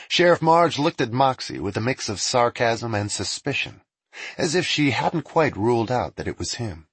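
A man narrating a storybook with an expressive reading. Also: mid-range voice, moderate pace, slightly rough, no room sound.

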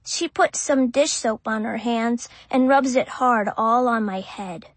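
A woman's voice: fairly high pitch, unhurried, no room sound. A woman reading an audiobook in first person as a small child, with simple childlike phrasing. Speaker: audiobook narrator.

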